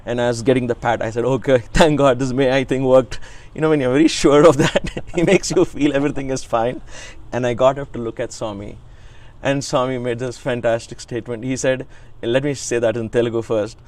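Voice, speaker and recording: A man, a guest in an interview, telling a personal spiritual story in an earnest, reverent way. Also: medium pitch. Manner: earnest, reverent, quotes his teacher with lively emphasis. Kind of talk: conversational storytelling.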